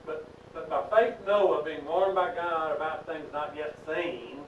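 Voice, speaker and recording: A man's voice: on the high side, fairly even intonation, a little slow, a little hiss or hum. A man teaching a Bible class in an emphatic preaching style, asking the class questions. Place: church classroom. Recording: echoey room, distant mic.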